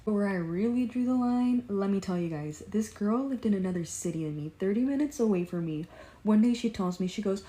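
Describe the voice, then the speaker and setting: A woman's voice: mid-range voice, fairly quick. A young woman telling a story in a casual vlog, blunt and profane, acting out quotes as she goes. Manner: blunt, profane, animated retelling with quoted asides. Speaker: vlogger.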